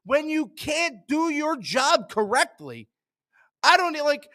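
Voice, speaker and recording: A young man hosting a sports show, ranting in frustration, jumping between loud outbursts and low mutters. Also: sing-song, takes it slowly, no room sound, studio quality.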